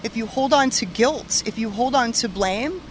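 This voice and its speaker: Woman, medium, casual chat, animated storyteller, fairly high pitch. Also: normal speed, slight background noise. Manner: animated storytelling with frequent laughter. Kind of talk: casual podcast conversation.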